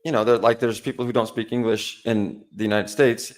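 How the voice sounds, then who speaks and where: Mid-pitched man, rambling self-interrupting stream host arguing his point. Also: fairly even intonation, brisk. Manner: rambling, restarts his sentences constantly. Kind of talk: live-stream debate banter.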